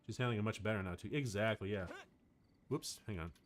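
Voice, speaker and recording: A man livestreaming, chatting casually with his viewers in a rambling, excitable way, full of fillers. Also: lowish voice, fairly quick, soft background music. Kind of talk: casual chat to a live chat.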